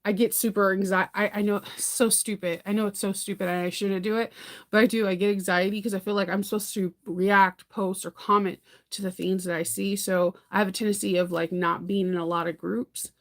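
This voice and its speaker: Woman host for a relaxed sewing live chat: talkative, rambling, quick to laugh. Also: medium pitch. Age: adult parent. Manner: chatty, rambling, laughs often, answers viewer comments. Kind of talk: casual livestream chat.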